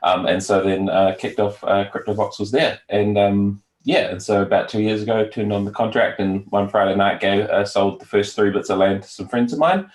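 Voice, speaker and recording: A deep-voiced man with a New Zealand accent talks in a relaxed, halting way, full of ums and uhs. He sounds like a guest on a remote call, and his voice carries an echoey room sound. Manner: relaxed, hesitant with many fillers. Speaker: guest, virtual world founder. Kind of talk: casual interview chat.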